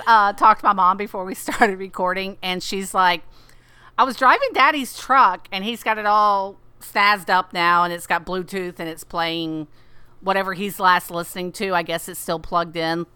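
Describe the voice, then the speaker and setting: A woman's voice: medium pitch, moderate pace, sharp tone, clear, resonant tone. A woman co-hosting a podcast in casual chat, candid, laughing a lot and swearing freely. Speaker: podcast co-host.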